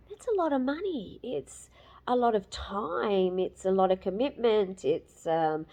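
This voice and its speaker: A woman in her fifties giving a candid, emotional personal testimonial, with many fillers and pauses. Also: mid-range voice, highs cut off. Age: 50s. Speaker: program client giving a testimonial.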